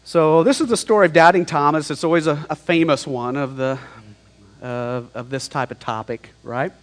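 Guy preaching a sermon, kinda high voice, loose and emphatic, big echo tail. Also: moderate pace. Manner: conversational, emphatic, paraphrasing scripture in slang. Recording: long hall reverb.

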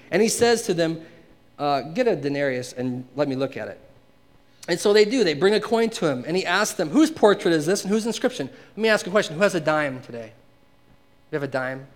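A man's voice: on the high side, expressive, brisk. A man preaching a conversational sermon to a congregation, asking them questions and acting out the quotes he reads. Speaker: pastor.

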